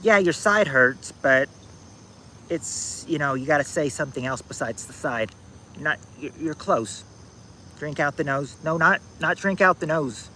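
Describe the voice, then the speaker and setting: A man hosting a casual trivia game on a livestream, reading viewers' answers aloud in a halting, repetitive way, outdoors at night on a phone. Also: on the high side, expressive, pushed and bright, rough recording. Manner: halting and repetitive, restarting phrases, drawling out answers.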